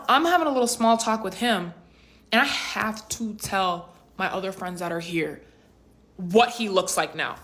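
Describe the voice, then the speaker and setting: A woman's voice: medium pitch, pushed and bright. A woman in her twenties telling a dramatic personal story in a chatty, slangy vlog style. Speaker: vlogger.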